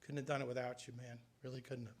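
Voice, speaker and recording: A man of ordinary pitch addresses his fellow council members at a public meeting. His farewell remarks are earnest and conversational, loose and unscripted. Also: flat delivery, fast talker.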